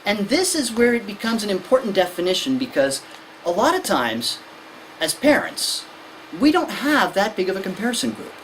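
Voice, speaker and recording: A woman gives a lecture to parents, her voice leaping up and down as she acts out children and exasperated parents. She is picked up by a camera from across the hall, with a faint hiss of room sound behind her. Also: moderate pace. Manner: animated, acts out kids and parents in high voices.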